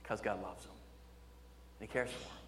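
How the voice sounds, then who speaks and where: A male pastor preaching a sermon with impassioned delivery, swinging between loud emphasis and hushed, tender tones. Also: fairly low pitch, brisk, big-room sound, a little hiss or hum.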